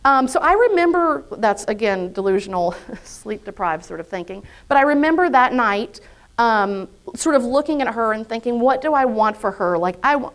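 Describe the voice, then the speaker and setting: An invited speaker with a slightly high, expressive voice gives a live motivational talk to an audience in an event room at normal speed. She's a chatty, self-deprecating storyteller who acts out her own inner thoughts.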